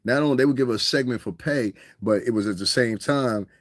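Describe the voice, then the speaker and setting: A man hosting a podcast in a casual, animated monologue, swearing and mimicking other people's voices. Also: mid-range voice, fairly quick, dry recording, clean studio sound. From United States. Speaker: podcast host.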